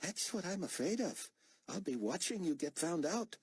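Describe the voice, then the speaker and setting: A man's voice: high voice, expressive, normal speed, slightly rough, no room sound, pitched above the performer's own voice, exaggerated voice. A man voicing a wry, teasing, commanding older male officer with a dry manner.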